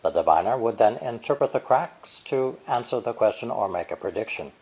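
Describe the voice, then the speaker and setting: A man in his sixties narrating a scripted language lesson in a measured, explanatory way, stressing syllables and tones. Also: fairly low pitch, expressive, darkish tone, husky, rough recording. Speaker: language teacher.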